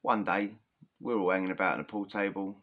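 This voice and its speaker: A man's voice: deep voice, fairly even intonation, brisk, phone-quality sound. A young man casually telling a prison story, chatty and full of slang, often breaking into laughter.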